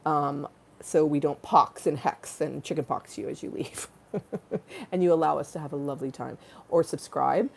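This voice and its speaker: A woman's voice: low voice, mellow. A woman hosting a casual livestream from home, rambling and giggly, swearing freely and breaking into little sung snatches. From Los Angeles-based. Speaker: livestream host. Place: home in a hot room with a fan.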